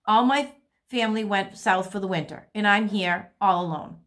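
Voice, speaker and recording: A woman's voice: medium pitch, moderate pace, fairly bright tone, close to an everyday voice. A woman voicing a bossy, hungry young female bird who can't fly, demanding and pouting.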